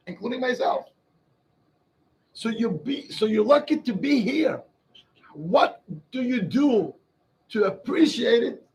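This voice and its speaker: A man's voice: high-pitched, gravelly, a little mellow, rough recording. A man, a rabbi, giving an emphatic Torah class, quizzing his listeners and mixing in Hebrew phrases. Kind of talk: Torah class to a live group.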